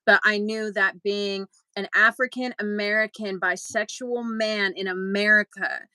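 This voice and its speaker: A young adult woman, a podcast co-host, telling a story in casual chat and acting out quotes with big jumps in pitch. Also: steady tone, a little slow, sharp tone, no echo, poor audio.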